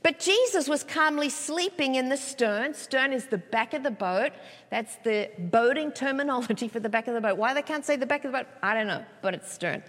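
A woman pastor preaching a sermon, telling a story with expressive delivery and many rhetorical questions. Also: high voice, fairly quick, in a large hall.

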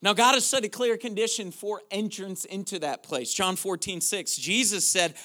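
High, bright-voiced man preaching. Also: normal speed, few pauses. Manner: preaching, building from quiet questions to shouted declarations. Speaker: pastor. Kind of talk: sermon.

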